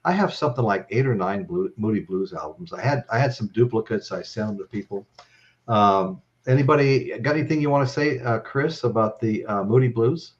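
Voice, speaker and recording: A man's voice: lowish voice, brisk, lo-fi sound. A man hosting a live-stream chat, telling stories in a rambling way and ending lines with "okay?". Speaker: host.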